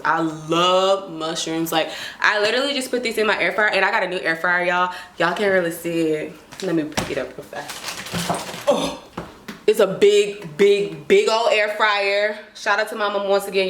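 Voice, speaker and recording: Standing in her apartment kitchen, a young woman chats through a casual grocery haul vlog in slangy terms, at times speaking of herself in the third person. Her mid-range voice has a slightly bright quality. The recording sounds echoey, with noticeable background noise.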